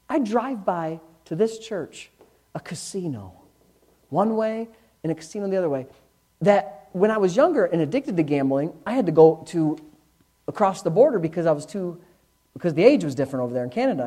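A pastor with a voice on the high side preaches to his congregation, speaking candidly and conversationally while swinging between loud bursts and hushed asides.

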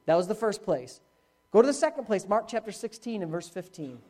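A man preaching a sermon as pastor, telling a story with swings from loud to hushed. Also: sits high, big pitch swings, brisk.

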